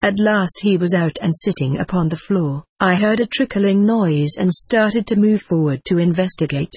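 A man reading a storybook aloud as narrator, in a measured, gently expressive way. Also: high voice, husky, dry recording.

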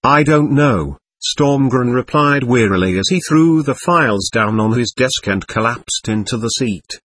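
A man narrating an audiobook with expressive storytelling. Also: medium pitch, normal speed, dry recording. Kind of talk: scripted narration.

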